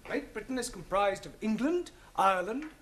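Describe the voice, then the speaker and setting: A man's voice: sits high, expressive, moderate pace, a bit bright. An actor playing a firm, clipped male English teacher in a 1970s British sitcom. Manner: clipped, schoolmasterly. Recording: noisy old TV soundtrack.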